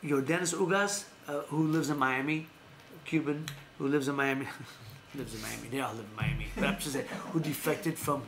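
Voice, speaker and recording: On a live stream with a roomy sound and background noise, a male host with a mid-range voice talks fairly quickly about boxing news. His casual chat is loose and rambling, full of self-corrections, restarts, and frequent laughter.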